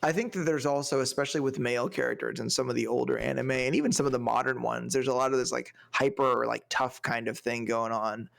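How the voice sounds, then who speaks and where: A man's voice: medium pitch, steady tone, quick pace, creaky, hardly any pauses. A man co-hosting a podcast, chatting casually about a film, rambling and searching for words with lots of fillers. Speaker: podcast co-host. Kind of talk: casual movie review chat.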